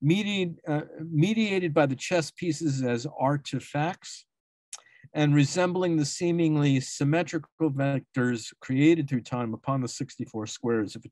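A man presents a prepared academic paper at a symposium, his voice on the high side and a little mellow, at a measured pace with no echo. Long words often trip him up, so he corrects himself and restarts frequently through the dense text.

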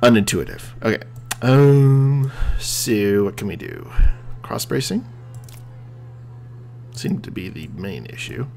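A man giving casual commentary on his gameplay, excitable and laughing often as he cheers his machine on. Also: on the low side, slow pace, gravelly, long pauses. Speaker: gamer. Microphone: desk USB microphone.

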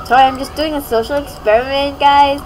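A woman's voice: high-pitched, fairly even intonation, fairly quick, noisy background. A young woman giving casual gameplay commentary as a gaming YouTuber, rambling and giggly with many fillers.

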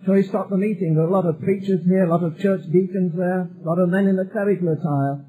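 A man's voice: high voice, fairly even intonation, fast talker, slightly rough, phone-quality sound. A male preacher delivering a sermon emphatically, building repeated phrases toward a climax.

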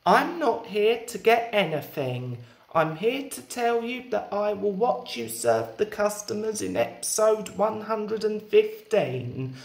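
A man doing a calm dark villain woman, slow and flat in an echoey room. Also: high-pitched, vocal fry, heavily acted. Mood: announcing.

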